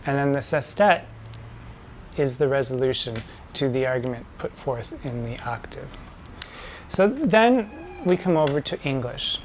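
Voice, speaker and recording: A man hosting a lesson and explaining things in a measured, didactic way, slowing down to spell out patterns. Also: mid-range voice, expressive, slight background noise. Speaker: drag performer hosting a poetry lesson.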